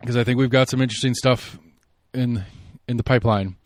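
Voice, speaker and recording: A man hosting a solo podcast, giving rambling, opinionated political commentary and thinking out loud. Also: medium pitch, steady tone, brisk, no echo, clean studio sound. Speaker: podcast host.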